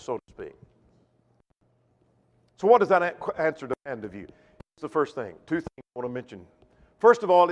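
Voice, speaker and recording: A man preaching a sermon, emphatic, slowing on key points and asking rhetorical questions. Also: on the high side. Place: church auditorium. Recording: long hall reverb.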